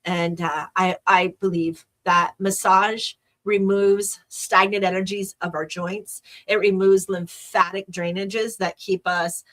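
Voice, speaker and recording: A woman's voice: medium pitch, level tone, slow pace, few pauses, fairly bright tone. A woman hosting a podcast, talking in a chatty, rambling and enthusiastic way. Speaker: podcast host. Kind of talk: casual solo podcast talk.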